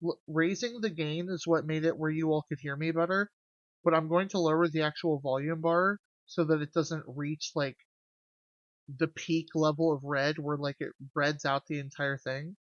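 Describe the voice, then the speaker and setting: A young adult streamer in casual let's-play commentary, reading game lines aloud and chatting to viewers with animated, swearing asides. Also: mid-range voice, normal speed, no echo, dull audio. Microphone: desk mic with gain adjusted.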